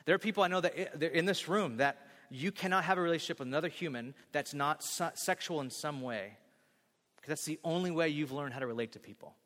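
In a church sanctuary with a big-room sound, a man delivers a sermon at a quick pace and fairly high pitch. The pastor stays animated throughout, dramatizing scenes and trading jokes with the congregation.

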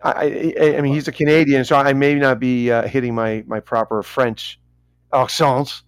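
A man's voice: medium pitch, level tone, moderate pace, clean tone, no echo. A man co-hosting a casual podcast chat, rambling, stumbling over names and making self-mocking asides. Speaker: podcast co-host.

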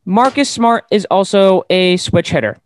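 A man's voice: high voice, expressive, unhurried, dry recording. A man hosting a casual sports podcast, rambling and opinionated, with lots of fillers. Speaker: podcast host.

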